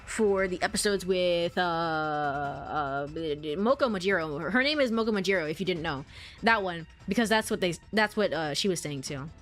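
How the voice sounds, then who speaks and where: Faint game music plays under this young woman's let's-play commentary as she chats casually and reacts to the story. She's animated, swearing and laughing a lot, with a fairly low voice at a moderate pace.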